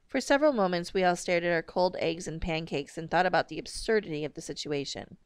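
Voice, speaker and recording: A woman reading a novel aloud in a steady, measured narration. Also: on the low side, clear, resonant tone, no room sound, studio quality. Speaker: audiobook reader.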